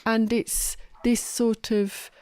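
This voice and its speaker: In casual podcast conversation, this co-host rambles emphatically with frequent self-corrections and restarts. Her smooth, darkish voice is a little high with little pitch movement, she speaks slowly, and there is no room sound.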